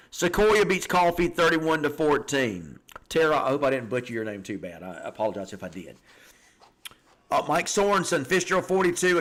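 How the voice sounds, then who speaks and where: A man hosting a live high school football show, reading scores and viewer comments in a casual, animated way. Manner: chatty and animated, reacting aloud with stunned exclamations and repeated words.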